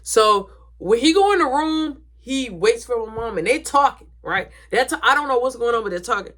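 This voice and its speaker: Animated young woman telling a family story. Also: fairly high pitch, moderate pace. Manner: animated, acts out quoted voices, drops to whispers. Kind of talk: casual storytime.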